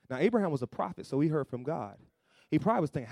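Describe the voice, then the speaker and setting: A man preaching a sermon, asking the congregation for amens, swinging between loud emphatic peaks and low asides. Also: expressive, racing, no room sound, clean studio sound. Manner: call-and-response preaching, rising to loud emphatic peaks then dropping low; acts out quoted voices in asides. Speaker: pastor.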